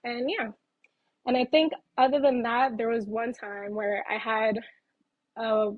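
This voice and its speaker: A woman's voice: fairly high pitch, no echo, phone-quality sound. A woman who works as a waxer, telling a client story in casual chat with many fillers. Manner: loose, filler-heavy storytelling.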